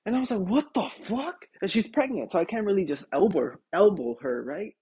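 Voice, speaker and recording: Husky young man ranting, lively pitch. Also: fast. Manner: animated, swearing, laughing often, says dude a lot. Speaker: podcast host. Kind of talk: casual solo podcast rant.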